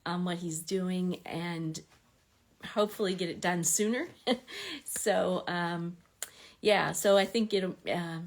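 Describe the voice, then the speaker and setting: Lady hosting a fan club live stream, chatty, lots of ums and little laughs, voice a bit on the low side. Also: slow pace, long pauses. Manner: chatty, warm greetings, many ums and small laughs. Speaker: fan club administrator and host. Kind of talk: casual livestream chat.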